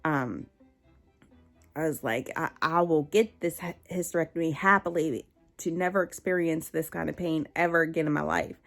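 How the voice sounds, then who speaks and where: A woman's voice: low-pitched, moderate pace, vocal fry, a bit bright, faint music behind. Candid woman vlogger telling her story. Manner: candid, conversational, with many fillers and restarts. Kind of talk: personal storytelling to camera.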